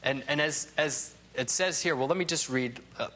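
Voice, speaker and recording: A man's voice: on the high side, moderate pace, sharp tone. A man teaching a Bible lesson in a loose, conversational way, often trailing off with asides and restarting his sentences. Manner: rambling, full of "you know" asides and restarts.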